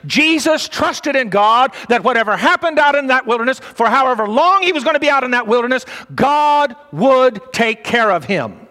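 Man, high-pitched voice, sermon, emphatic preaching, repeated phrases, long hall reverb. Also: bright, forceful tone.

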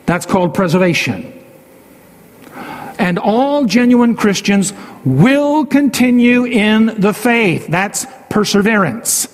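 A man's voice: high voice, big pitch swings, takes it slowly, big-room sound. A man preaching a sermon as pastor, emphatic and repeating key phrases for stress, his voice rising and falling widely.

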